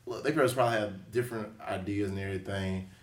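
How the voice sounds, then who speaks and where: A man's voice: fairly low pitch, steady tone, fast, distant mic. Joking man hosting a podcast, echoey. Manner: playful, joking, laughs often. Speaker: podcast host. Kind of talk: casual chat.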